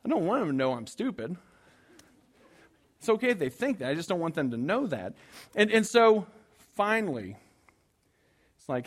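A man preaches in a high, lively voice, spinning a self-deprecating story for his congregation. He acts out his own frantic moments and jokes with the people in the pews. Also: moderate pace, long pauses. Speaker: pastor. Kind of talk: storytelling sermon.

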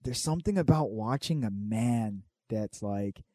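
A man in his thirties rambles through loose, profane stories packed with fillers. His voice is mellow and dark, recorded close and dry with no room sound. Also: on the low side, animated, unhurried, no echo. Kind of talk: casual chat.

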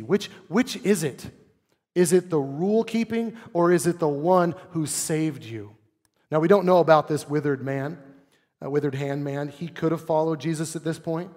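Man preaching in an echoing hall. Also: on the high side. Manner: earnest preaching, acting out quoted voices, ends in prayer. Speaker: pastor. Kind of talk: sermon. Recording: long reverb in a large hall.

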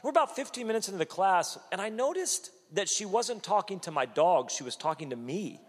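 A man in his forties preaching a sermon, telling stories with lively acted-out quotes. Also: high-pitched, brisk, long reverb tail, slight background noise. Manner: animated storytelling, acts out quotes. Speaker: pastor.

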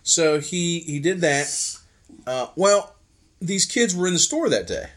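A man's voice: on the high side, lively intonation, unhurried, a bit bright. A man co-hosting a podcast, telling a rambling story in casual chat, acting out quotes and swearing freely. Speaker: podcast co-host telling stories.

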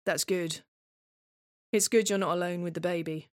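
A woman voicing a female police call operator who speaks in a brisk, reassuring way. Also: lowish voice, steady tone, no room sound, studio quality, close to an everyday voice.

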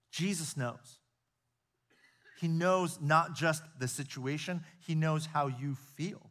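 A middle-aged man from the United States preaching a sermon, building to emphatic peaks and then dropping to soft, confiding storytelling. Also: fairly high pitch. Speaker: pastor. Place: church auditorium with a live audience.

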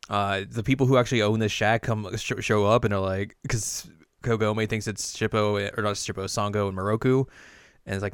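A young man with a low, smooth and clear voice, recapping an episode in relaxed, rambling chat. The recording is dry and close. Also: fairly quick, no room sound. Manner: laid-back, rambling, laughs often. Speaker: podcast co-host.

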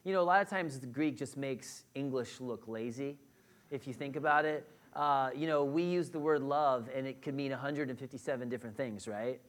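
A man's voice: medium pitch, moderate pace. A man preaching a sermon to a congregation, conversational and direct, often checking in with the room. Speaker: pastor. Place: church hall with a congregation.

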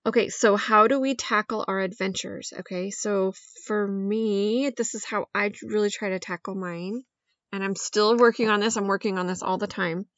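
A woman's voice: medium pitch, steady tone, moderate pace, fairly bright tone, dry recording, dull audio. A woman hosting a podcast in an upbeat, chatty monologue that leans on lots of intensifiers. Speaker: podcast host.

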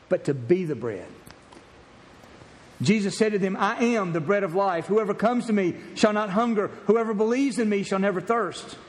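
A man's voice: sits high, a little mellow, long reverb tail. A man preaching a sermon as pastor, emphatic and repeating key phrases for emphasis.

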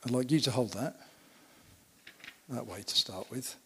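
A man's voice: medium pitch, unhurried, a bit bright, slight background noise. A man preaching a sermon. He tells stories emphatically and asks the congregation rhetorical questions. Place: church. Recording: long reverb of a church hall.

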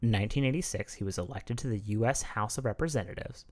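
A man's voice: lowish voice, fast talker. A man co-hosting a podcast, chatting casually and reading out facts with laughing asides. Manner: relaxed, chatty, reads facts aloud with asides. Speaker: podcast co-host. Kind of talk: casual chat.

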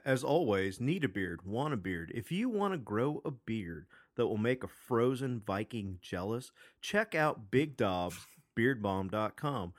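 A man reading a casual sponsor plug on a podcast in a playful pitchman way. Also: dry recording, clean studio sound. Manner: lively, playful pitchman delivery. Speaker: podcast co-host.

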